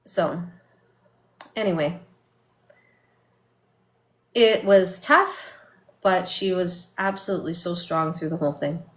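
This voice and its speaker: A middle-aged woman telling a personal story in a vlog, speaking softly and haltingly, with many fillers and restarts. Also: on the low side. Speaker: vlogger. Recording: echoey room.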